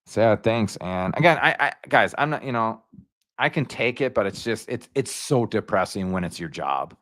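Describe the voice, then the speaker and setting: A man hosting a casual livestream, rambling and slangy, jumping up in pitch when he gets excited. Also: moderate pace, no echo, studio quality. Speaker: YouTube livestream host.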